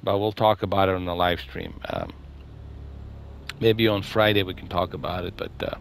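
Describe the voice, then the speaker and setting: A man's voice: deep voice, big pitch swings, normal speed, vocal fry, slight background noise. A man hosting a gaming video, rambling through a casual spoken review with many fillers and repeated words, dejected and mumbling.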